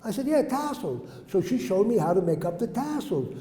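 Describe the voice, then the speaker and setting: A man telling his life story to a live audience, asking them questions and acting out the quotes loudly. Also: high-pitched, animated, a little fast. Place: hall with an audience. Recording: echoey hall.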